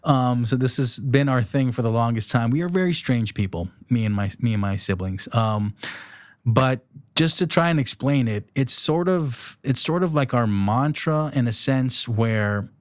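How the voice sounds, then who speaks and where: Recorded dry and at studio quality, this medium-pitched male podcast host is an Emirati man in his thirties. He chats alone on his show in a loose, meandering way, laughing softly and often fixing what he just said.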